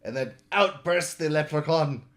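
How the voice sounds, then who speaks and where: A man's voice: fairly high pitch, moderate pace. Chatty man chiming in on a movie recap. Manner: chimes in with confirmations. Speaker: podcast co-host. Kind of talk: casual movie recap chat.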